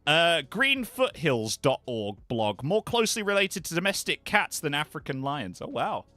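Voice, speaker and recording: A man's voice: on the high side, sing-song, normal speed, pushed and bright, dry recording. A man live-streaming and chatting casually with his viewers, animatedly reading web pages aloud with offhand asides.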